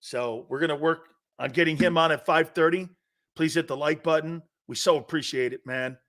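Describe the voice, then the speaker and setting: A man's voice: a little high, steady tone, moderate pace, fairly bright tone. A man hosting a sports talk show, talking loosely and profanely and laughing often.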